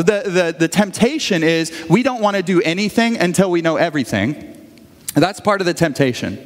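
A male pastor preaching a conversational sermon, animated and telling stories, acting out the voices of the people in them. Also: high voice. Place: church sanctuary. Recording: long hall reverb.

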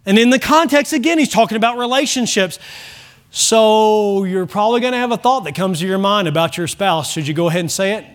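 High-voiced preaching man. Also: a bit bright. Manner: emphatic preaching with rhetorical questions. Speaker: pastor. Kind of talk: sermon. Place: church sanctuary.

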